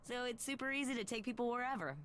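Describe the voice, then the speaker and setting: An actress voicing a breezy, upbeat young god of messengers in a video game, talking casually with nervous fillers. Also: female voice, on the high side, quick pace, fairly bright tone, a little hiss or hum, natural voice.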